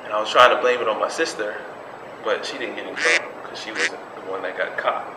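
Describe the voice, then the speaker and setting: A man, giving a personal storytelling speech in an animated way. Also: on the low side, fast, over a noisy crowd. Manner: animated storytelling, acts out quotes. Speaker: public speaking club member. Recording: echoey room with background noise.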